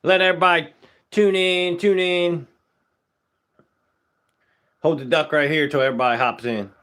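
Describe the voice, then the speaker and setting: A young man with a slightly high voice talks casually on a live stream while he works as a taxidermist. He is laid-back and greets viewers one by one, with loose, easygoing grammar. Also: fairly even intonation, moderate pace, pushed and bright, clear, resonant tone.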